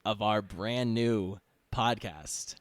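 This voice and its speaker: A young man co-hosting a casual podcast, lively and halting, with many restarts. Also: on the low side, no echo. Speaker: podcast co-host. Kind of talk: casual chat.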